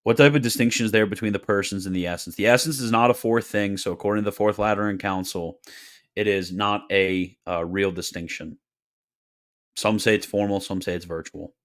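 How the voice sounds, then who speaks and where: A man with a somewhat low voice reads viewer questions aloud on a casual livestream. He answers in a loose, wry way, trailing into joking asides and laughing often. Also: steady tone, a little fast. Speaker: streamer reading viewer questions.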